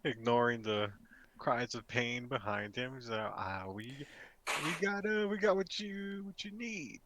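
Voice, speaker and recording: Brief: easygoing man at a tabletop game, slow drawl, casual. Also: mid-range voice, expressive, background noise. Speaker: player. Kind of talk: casual tabletop role-play.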